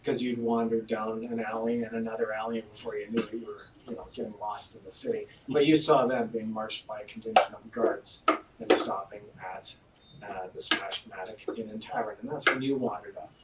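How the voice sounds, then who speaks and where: A man's voice: on the low side, steady tone, brisk. A man narrating a tabletop game as game master, in a casual manner with fillers. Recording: echoey room, distant mic, faint noise.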